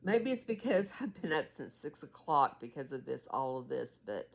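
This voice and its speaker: A woman's voice: very deep voice, sing-song, moderate pace, vocal fry. A woman in her sixties giving a rambling, tired casual vlog update as her mother's caregiver. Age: 60s. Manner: rambling, many fillers and trailing asides. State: tired, yawning.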